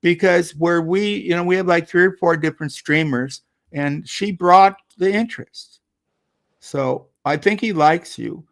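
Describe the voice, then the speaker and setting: Male stream host, higher voice, hesitant and placating. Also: a little slow, creaky. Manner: hesitant, restarts often, placating. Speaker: livestream host. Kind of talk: casual livestream chat.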